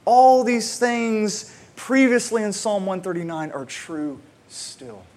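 With a high voice, this male pastor preaches in a conversational way. Sentences often open with repeated words, and his delivery swings from excited stress to slow, hushed reflection.

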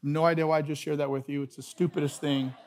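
Pastor, male, fairly high voice, earnest emphatic sermon delivery with repeated phrases. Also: little pitch movement, fast, darkish tone. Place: church sanctuary.

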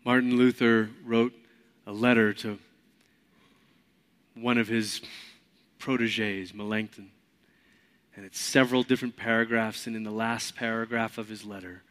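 A man preaching a sermon as pastor, swinging from loud and emphatic to hushed. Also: medium pitch.

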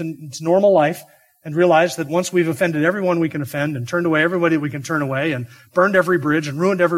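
A man preaching an expository sermon, earnest and emphatic, asking the listeners rhetorical questions. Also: fairly high pitch. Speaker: pastor.

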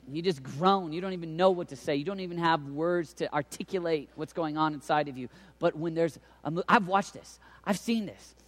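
A man in his thirties delivers a sermon with a fairly high voice. He moves between hushed, almost whispered passages and loud, shouted cries. His voice carries a long reverb from a large hall. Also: brisk, hardly any pauses. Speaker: preacher.

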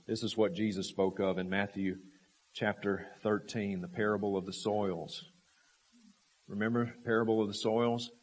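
A man preaching with a low, somewhat husky voice. He drives points home with rhetorical questions and repeated phrases, rising to forceful emphasis and then dropping to quiet, low lines. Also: fairly even intonation, moderate pace. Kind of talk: sermon.

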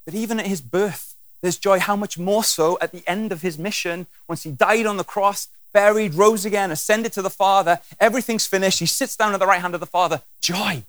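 A man's voice: sits high, fairly quick, hardly any pauses, no room sound. A man preaching a sermon with humour, acting out scenes and voices as he goes. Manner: animated and humorous, acting out scenes.

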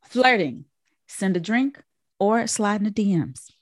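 A woman's voice: mid-range voice, animated, measured pace, dry recording. A woman hosting a casual chat, reading out questions with playful asides. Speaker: host.

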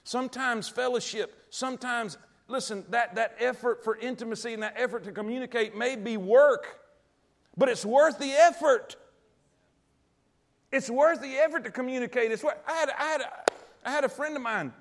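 A man's voice: extremely high pitch, moderate pace. A male preacher, delivering a folksy sermon and repeating phrases for emphasis. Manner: storytelling, talks directly to the congregation.

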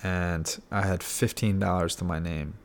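A man's voice: low-pitched, steady tone, a little slow. A young adult man frankly telling his personal story in a casual, unscripted way, with frequent fillers and the odd swear word. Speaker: podcast guest sharing his recovery story.

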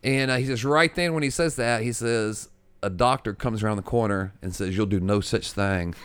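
A man's voice: medium pitch, fairly quick, a bit bright, clear, resonant tone, no echo. A man co-hosting a podcast, telling a long story in a rambling way with many restarts. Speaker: podcast co-host. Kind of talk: casual storytelling.

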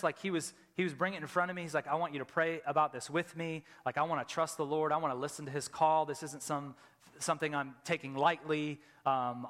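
A middle-aged man, a lead pastor preaching a sermon, telling a personal story and loudly acting out his own reactions. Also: a little high. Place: church sanctuary. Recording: church hall with long reverb.

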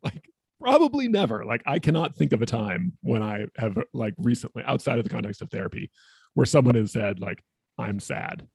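A man's voice: medium pitch, sing-song, fairly quick, gravelly, a little mellow, breathy edge, dry recording, studio quality. A man co-hosting a podcast as a therapist, explaining ideas in a thoughtful, casual way with many fillers. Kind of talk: casual conversation.

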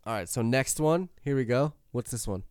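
A man hosting a podcast with a smooth, clear voice and a dry, close sound. He jokes, laughs and plays with the words in a relaxed, casual chat. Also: medium pitch, normal speed, dry recording. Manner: joking, laughing, playful mispronunciations. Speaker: podcast host.

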